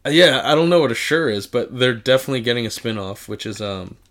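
A man's voice: mid-range voice, expressive, fast, fairly bright tone. Young man rambling in casual banter. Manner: rambling, swears a lot, restarts often. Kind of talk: casual chat.

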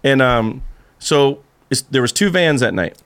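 A man's voice: medium pitch, expressive, measured pace, fairly bright tone, smooth. A man guest on a podcast, telling a rambling story in casual chat and acting out what others said. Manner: rambling storyteller who acts out the other voices.

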